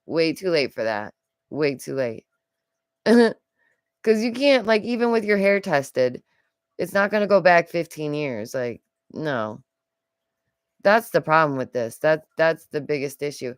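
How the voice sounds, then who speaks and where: A woman's voice: low-pitched, lively intonation, measured pace, smooth, dry recording, studio quality. A young adult woman giving casual, rambling reaction commentary as a vlogger, with lots of asides. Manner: chatty, rambling, with frequent asides and laughs.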